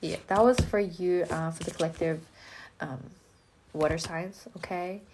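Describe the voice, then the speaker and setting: A young woman with an Australian accent runs a live tarot reading, talking straight to her viewers in a loose, chatty way. She is blunt and jokey and drops the odd curse. Her voice sits a little low for a woman. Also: fairly even intonation, unhurried, heavy background noise. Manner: casual, chatty, blunt, swears and jokes. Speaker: tarot reader.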